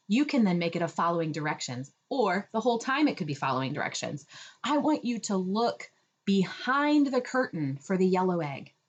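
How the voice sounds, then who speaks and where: Woman explaining speech therapy activities. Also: breathy edge. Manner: demonstrates child-directed talk with raised pitch and drawn-out words; uses fillers and frequent "right?". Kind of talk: instructional talk to parents.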